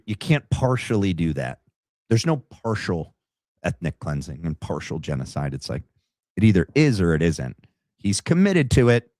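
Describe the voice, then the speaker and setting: A man's voice: lowish voice, no room sound, studio quality. A man hosting a casual reaction commentary show, talking in a sarcastic, rambling, mocking way.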